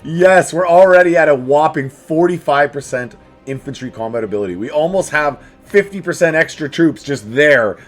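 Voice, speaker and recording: Animated man narrating his strategy game. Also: a little high, moderate pace, soft background music. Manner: animated, chatty, talks to the game's enemies. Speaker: let's play host. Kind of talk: casual strategy game commentary.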